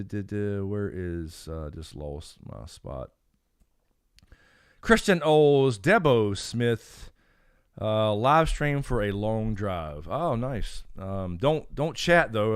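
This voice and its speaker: A man's voice: fairly low pitch, clean tone, no echo, clean studio sound. A man hosting a casual live stream Q&A, rambling with frequent fillers as he greets chat names. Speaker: YouTube channel host. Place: home.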